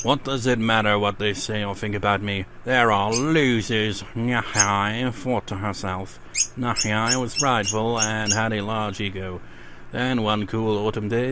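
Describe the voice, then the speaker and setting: A man's voice: on the low side, noisy background. A man playing a horror game, reading its ghost stories aloud between casual commentary. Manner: reads in-game ghost stories aloud, then rants with swearing and laughs. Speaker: let's play gamer.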